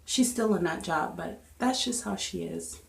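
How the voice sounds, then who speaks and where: Young woman, storytime vlog, chatty and animated, medium pitch, roomy echo. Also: measured pace, creaky, slight background noise. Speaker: vlogger. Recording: echoey room.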